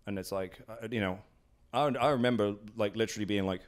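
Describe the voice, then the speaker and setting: Low-voiced british guy telling stories at home, lots of "like"s and restarts, acts out quotes. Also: fast. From Britain. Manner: rambling, many fillers and restarts, acts out quotes. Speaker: guest, professional wrestler. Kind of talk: casual interview storytelling. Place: at his house.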